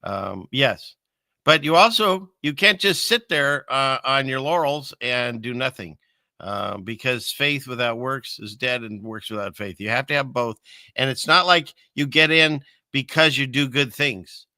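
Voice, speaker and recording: Bright, dry-voiced male host. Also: mid-range voice, dry recording. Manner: earnest, halting, faith-focused talk. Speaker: show host. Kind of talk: casual chat on an online show.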